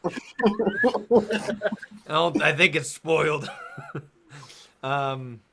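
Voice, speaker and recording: A man's voice: a little high, fairly even intonation, very slow, vocal fry, noisy background. A man running a tabletop game as game master, describing scenes in a rambling way and laughing often.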